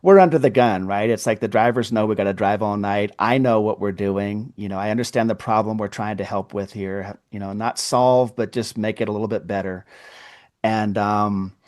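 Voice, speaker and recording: Animated man telling a story. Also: on the low side, moderate pace. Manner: animated storyteller, often laughing, acts out quoted dialogue. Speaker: podcast guest. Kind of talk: storytelling in conversation.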